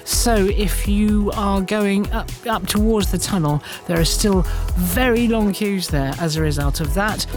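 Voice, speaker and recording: A woman giving a radio traffic report, brisk and easygoing. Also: mid-range voice, over music. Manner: brisk, laughs easily.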